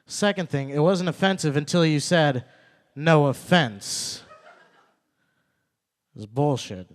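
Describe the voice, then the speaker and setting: Young man doing stand-up, slightly high voice. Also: animated, normal speed. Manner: loose storytelling with repeated lines and acted quotes. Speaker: stand-up comedian. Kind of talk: stand-up comedy set. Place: small club open mic.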